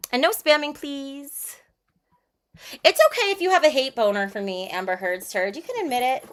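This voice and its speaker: A woman's voice: high-pitched, pushed and bright. A woman livestreaming, chatting casually and bluntly, reading out and answering her chat. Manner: breezy, frank and irreverent.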